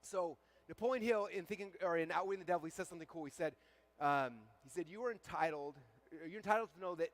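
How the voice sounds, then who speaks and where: A man's voice: high voice, quick pace. A man giving a live keynote on stage to an event audience, telling a story and acting out the dialogue. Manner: energetic storyteller, acts out quoted dialogue. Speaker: keynote speaker.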